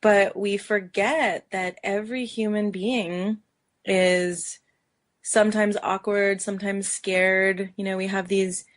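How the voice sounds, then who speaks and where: A woman who leads workshops, speaking as a podcast guest in an animated, open way and laughing easily. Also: medium pitch, takes it slowly. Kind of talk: casual podcast conversation.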